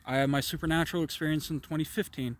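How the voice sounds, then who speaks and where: A man's voice: on the high side, fairly even intonation, fast talker. Rambling, profane man telling his story. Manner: rambling, profane, with stammered restarts. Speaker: vlogger. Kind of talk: improvised personal storytelling monologue.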